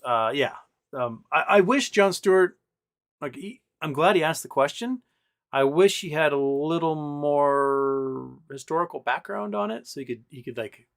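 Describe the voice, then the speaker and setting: A man hosting a casual livestream, rambling with lots of fillers and restarts as he reads out viewer chat. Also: mid-range voice. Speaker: livestream host.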